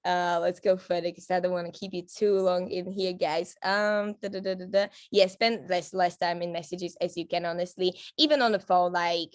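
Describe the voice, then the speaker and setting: Her voice is lowish, with fairly even intonation, a moderate pace, and few pauses, recorded without echo. A network marketing trainer, she gives her team a casual, upbeat talk that's chatty, laugh-filled, and heavy on fillers and restarts.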